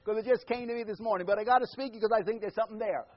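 A man preaching a conversational sermon as pastor, shifting from quiet asides to loud, emphatic build-ups. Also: sits high, very fast, highs cut off.

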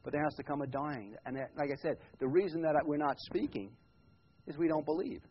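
A man preaching a sermon in a church, loud when quoting scripture and quiet in his asides. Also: fairly high pitch, brisk. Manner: swings from loud emphatic quotes to quiet reflective asides. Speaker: pastor. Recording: muffled lo-fi church recording.

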